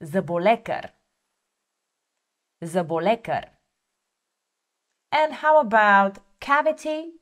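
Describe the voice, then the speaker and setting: A woman teaching a vocabulary lesson, saying each word slowly and carefully so learners can repeat it. Her pitch moves a lot, and she takes her time between words. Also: very animated. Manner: slow, careful repetition for learners. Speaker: language teacher.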